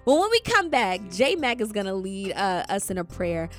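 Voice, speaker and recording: A woman hosting a faith talk show, telling a personal story in an animated way. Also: medium pitch, moderate pace, soft background music. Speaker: host.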